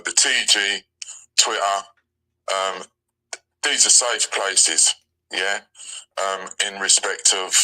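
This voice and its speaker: Rambling low-voiced London man. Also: rough recording. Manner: rambling and relaxed, lots of "um" and "you know what I mean". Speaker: crypto community member. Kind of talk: casual live audio chat.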